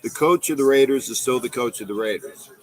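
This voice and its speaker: A man's voice: mid-range voice, fairly quick, low-quality recording. A middle-aged man hosting a casual livestream, rambling and repeating himself as he reads viewer comments and reacts to them. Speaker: host of a fan call-in livestream. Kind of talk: casual live-stream fan talk.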